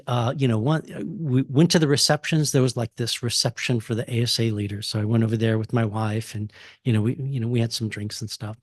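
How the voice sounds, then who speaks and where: A man's voice: medium pitch, a little fast, no room sound, studio quality. A man in his sixties from Texas, giving a casual university talk full of fillers, restarts and chuckles. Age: 60s. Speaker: guest speaker. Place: lecture hall.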